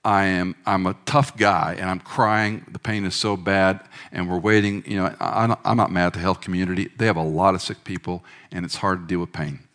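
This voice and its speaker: A middle-aged male pastor preaching a sermon in a church, swinging between emphatic bursts and hushed, quiet lines. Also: deep voice, fairly even intonation, fairly quick, hardly any pauses.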